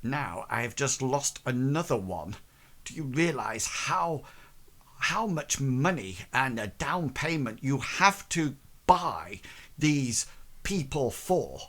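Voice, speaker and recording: A man's voice: mid-range voice, big pitch swings, slow pace, a bit bright, exaggerated voice. A man voicing a vain, pompous female guild mistress who coldly scolds her guards. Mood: haughty.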